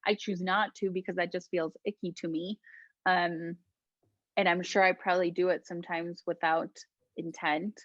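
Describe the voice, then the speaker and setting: Soft-spoken low woman, lo-fi call. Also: little pitch movement, normal speed, no echo. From Colombia. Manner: gentle, reflective, laughs often. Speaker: guest, intuitive healer. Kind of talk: casual interview talk.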